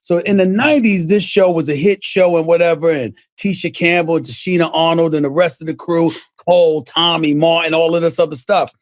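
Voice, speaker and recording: A man hosting a sports talk show, telling a story in an animated way, stammering and repeating words as he gets going. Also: on the high side, brisk, few pauses, no echo, clean studio sound.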